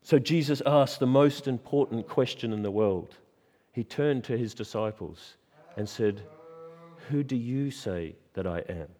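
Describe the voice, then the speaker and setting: In a large hall, a man with a mid-range, mellow voice preaches in church. His delivery is emphatic, full of stressed key words, dramatic pauses, and repeated rhetorical questions.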